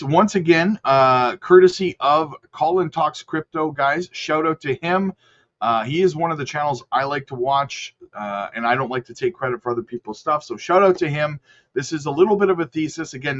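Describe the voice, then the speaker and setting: Guy talking crypto charts, rambly, corrects himself a lot, kinda muffled audio. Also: mid-range voice. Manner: loose, chatty, many fillers and self-corrections. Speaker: crypto channel host. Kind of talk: casual screen-share commentary.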